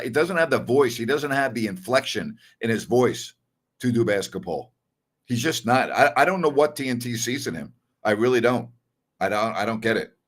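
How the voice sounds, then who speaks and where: A man's voice: mid-range voice, a bit bright. Blunt, opinionated male sports talk host. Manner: blunt and opinionated, repeats his points for emphasis; conversational, with fillers and self-corrections. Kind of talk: casual opinionated sports commentary.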